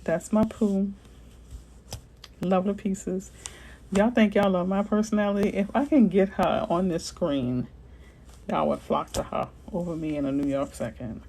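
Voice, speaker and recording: A woman realtor from Florida chats with her viewers in an animated, slangy way, answering their comments as she goes. Her voice sits a little low and sounds mellow and warm. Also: unhurried, a little hiss or hum, rough recording. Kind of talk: casual livestream chat with viewers.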